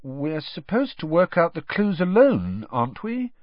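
A man's voice: on the high side, very animated, unhurried, no room sound, lo-fi sound, voice pushed up. A man voicing a guarded, polite teenage boy wizard who keeps his tone careful and casual.

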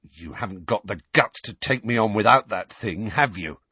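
A man's voice: very high-pitched, very animated, slow, pushed and bright, dry recording, voice pushed up, full character voice. A man voicing a big, sulky teenage boy who bullies and taunts, snarling his lines. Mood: taunting.

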